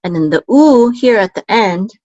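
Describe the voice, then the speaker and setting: A woman teaching Hebrew grammar step by step, patient and explanatory, often checking in with "okay?" and pausing on fillers. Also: medium pitch, animated, a little mellow, dry recording, dull audio.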